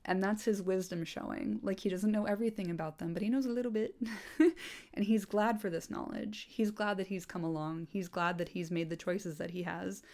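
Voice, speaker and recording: A woman's voice: medium pitch, fairly even intonation, moderate pace, darkish tone. A woman hosting a casual book commentary, chatty and enthusiastic, laughing often and swearing playfully. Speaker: host.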